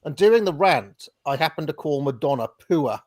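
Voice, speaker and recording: A man's voice: on the high side, expressive, a little fast, a little mellow, dry recording. Welsh man, podcast host, chatty and giggly, dry close sound. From Wales. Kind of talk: casual chat. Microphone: remote video call.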